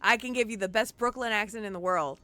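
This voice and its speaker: Fast and sharp-toned, a woman with a mid-range voice gives casual commentary as she plays an online game. She exclaims frequently, and quiet game music plays in the background.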